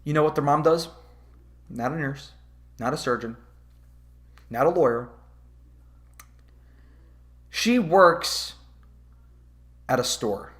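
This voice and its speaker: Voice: medium pitch, slow pace, pauses often. A vlogger ranting about a movie in a casual comedic review, swearing often and laughing. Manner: profane, animated, laughing.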